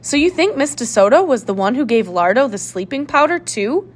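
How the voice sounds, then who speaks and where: Picture a fretful young boy in a storybook mystery, as a woman reader puts him on. His voice jumps up high, lively and questioning. It sounds strained and incredulous, always a little uneasy. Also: fairly quick. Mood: worried questioning. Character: boy, nervous, reluctant young sidekick.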